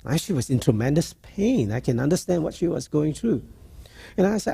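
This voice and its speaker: A man preaching a sermon, telling a story in a halting, earnest way. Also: on the high side, big pitch swings, creaky, mellow, slightly rough.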